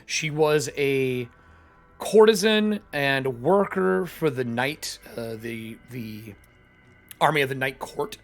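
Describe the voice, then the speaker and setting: Lively-pitched man running a tabletop game. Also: takes it slowly, soft background music. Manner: casual, loose, swears freely. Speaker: game master.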